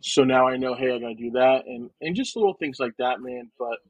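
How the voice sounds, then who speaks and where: A young man from New Jersey, talking casually as a podcast guest, in a relaxed and rambling way with frequent "man" and "right". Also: medium pitch, a little fast, no room sound, lo-fi sound. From New Jersey, United States. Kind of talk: casual conversation.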